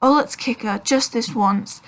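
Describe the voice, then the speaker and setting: A woman's voice: a little high, a little slow, creaky. A woman reading aloud, voicing a hot-tempered, blunt young schoolboy. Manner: blunt, exasperated.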